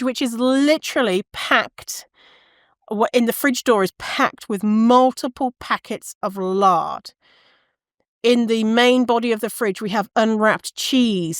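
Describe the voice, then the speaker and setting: A woman's voice: mid-range voice, no echo, clean studio sound. A woman hosting a podcast, describing an advert in frank, sarcastic, casual commentary. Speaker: podcast host.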